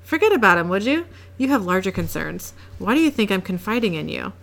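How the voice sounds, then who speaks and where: A glib male angel talks down to the man he is addressing, mocking and in no hurry. A woman reads him in her own mid-pitched voice. The scene is a scripted drama. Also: big pitch swings, a little fast, vocal fry. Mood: smug. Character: smug scheming male angel bureaucrat.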